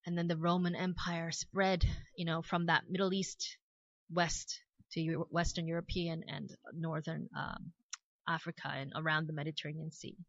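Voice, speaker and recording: An Australian woman preaching a sermon, retelling a Bible story with lively storytelling and casual asides. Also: sits low, moderate pace, no echo. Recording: dry, slightly dull recording.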